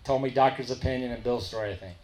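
A man's voice: mid-range voice, fast, a little mellow. A man telling his recovery story at a meeting in a candid, colloquial and emphatic way.

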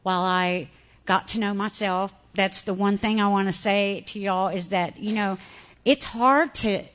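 A woman giving a candid, animated personal testimony to an audience, laughing often as she talks. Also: mid-range voice, unhurried. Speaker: speaker sharing recovery story.

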